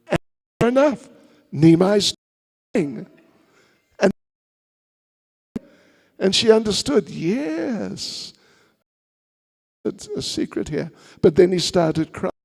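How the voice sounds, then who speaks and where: A man's voice: sits high, gravelly, a little mellow, slightly rough, long reverb tail. A man, a monk at a seminar, telling a sermon story in a playful way with chatty asides to the audience.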